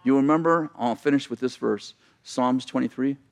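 A man's voice: medium pitch, moderate pace, vocal fry. A middle-aged man from the United States preaching a sermon in a church, telling a story and acting out the people in it, with self-deprecating humor. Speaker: pastor.

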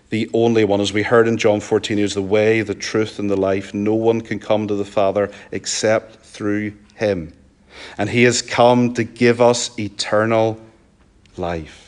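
Earnest Northern Irish preacher. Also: male voice. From Northern Ireland. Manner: earnest, pleading, dropping to soft low emphasis. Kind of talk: sermon.

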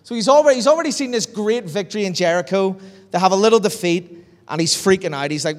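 Northern Irish male pastor, fairly high voice, chatty sermon delivery, long church-hall reverb. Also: quick pace. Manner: conversational, lively storytelling preaching.

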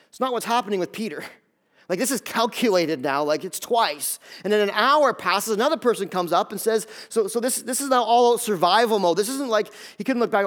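A man preaching a sermon, animated and conversational, acting out scenes and talking straight to his listeners. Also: sits high, fast talker. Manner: animated, acts out scenes in quoted voices; conversational, talks straight to the audience. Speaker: pastor.

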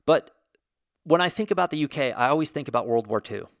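A man's voice: mid-range voice, animated, fast, vocal fry, no room sound. American guy ranting to camera, sarcastic, lots of ums, dry close sound. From United States. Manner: ranting, sarcastic, with frequent fillers. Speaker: video host. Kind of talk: opinionated monologue vlog.

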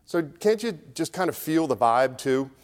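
Middle-aged male pastor, fairly high voice, easy storytelling sermon, long reverb of a church hall. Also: lively intonation, normal speed. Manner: conversational, storytelling preaching with acted crowd voices.

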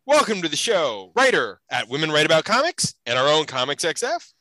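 A man hosting a podcast in casual chat, telling stories with animated energy on a close mic. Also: fairly high pitch, fairly quick, dry recording, poor audio. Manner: animated, lively storytelling. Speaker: podcast host.

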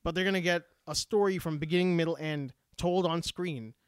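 A man's voice: a little high, a little fast, smooth, dry recording, clean studio sound. A man chatting casually about movies, emphatic and opinionated, swearing freely.

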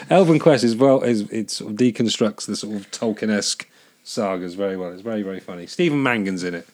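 A man's voice: lowish voice, a little fast, a little mellow. A man co-hosting a casual podcast, chatty and prone to laughing tangents. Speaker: podcast co-host. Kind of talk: casual chat.

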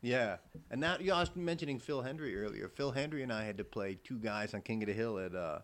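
A man's voice: medium pitch, lively intonation, fast talker. A middle-aged man from Iowa, a voice actor, telling stories in a casual interview, profane and self-deprecating. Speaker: voice actor, guest.

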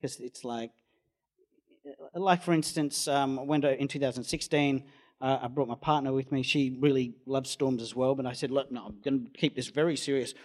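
His voice is mid-range and steady, moderately paced, as the Australian storm chaser meanders through an anecdote for an interviewer, loudly acting out the voices he quotes.

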